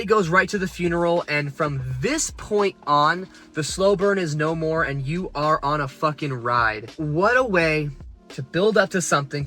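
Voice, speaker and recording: A man with a fairly high, bright, forward voice talks through a book review from inside his car. He rambles excitably and swears freely, with faint music underneath. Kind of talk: casual spoken book review. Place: parked car.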